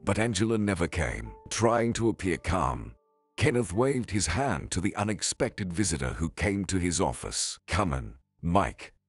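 A man narrating a scripted drama story in an even, storytelling way. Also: deep voice, normal speed, breathy edge. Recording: faint music behind.

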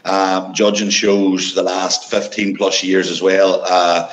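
A man in his forties with an Irish accent, a bodybuilding trainer and judge answering questions quickly in a live Q&A. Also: low-pitched, flat delivery, a little hiss or hum, rough recording. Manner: talks fast.

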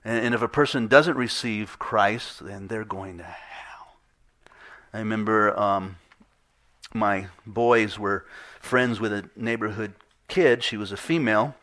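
A man's voice: lowish voice, a little slow, fairly bright tone. A middle-aged man preaching a sermon in a conversational way, acting out the voices he quotes. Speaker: pastor.

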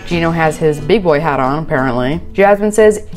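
A woman's voice: low-pitched, animated, moderate pace, darkish tone, faint music behind. A woman hosting a reaction channel, recapping a reality show with sarcastic, exasperated commentary.

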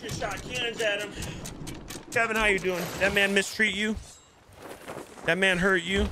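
A male streamer giving live gameplay commentary, excitable and full of indignant outbursts as he talks to his chat. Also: high-pitched, normal speed, pauses often, a little hiss or hum.

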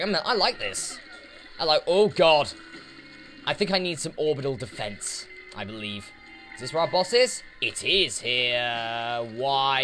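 This gaming YouTuber's medium-pitched voice has a sharp tone. Casually commentating a let's play, he addresses the enemies he faces while game music plays underneath.

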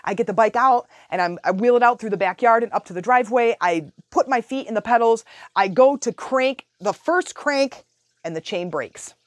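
A woman hosting a podcast, telling a personal story in a casual, animated way. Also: on the high side, moderate pace, dry recording, studio quality. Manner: animated, chatty, retells her own thoughts aloud. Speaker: podcast host.

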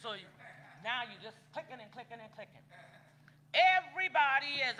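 A woman's voice: high-pitched, lively intonation, fairly quick, pushed and bright. A woman minister, preaching a sermon in a folksy, conversational way and talking straight to the congregation.

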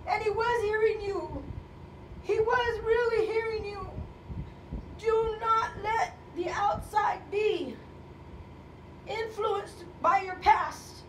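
A woman's voice: very high voice, takes it slowly, long pauses. Woman pastor preaching hard, emotional, sounds far off in a roomy hall with faint noise. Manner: impassioned, rising to fervent calls, voice breaking with emotion. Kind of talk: sermon. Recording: echoey room, speaker away from mic, faint ambience.

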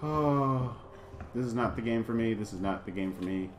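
In an echoey room with slight background noise, this man speaks in a mid-range voice at normal speed. He hosts a let's play for his gaming channel, getting startled easily, repeating himself, and bantering with viewers in a chatty, exclamatory, self-deprecating way.

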